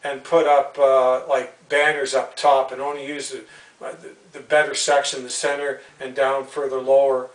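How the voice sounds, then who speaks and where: A man's voice: mid-range voice, little pitch movement, moderate pace, far from the mic. A man from Canada giving a blunt, rambling, heated rant on a live video, repeating himself and restarting his sentences. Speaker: YouTube sports commentator. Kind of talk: live unscripted sports rant. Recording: echoey room, voice off-mic.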